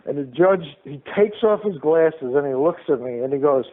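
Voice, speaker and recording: Male guest on a tinny phone call, slightly high voice, acts out everyone in his stories. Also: fairly quick. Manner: animated storyteller who acts out each person's lines. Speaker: interview guest. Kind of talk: casual anecdote telling. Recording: phone-line call-in audio.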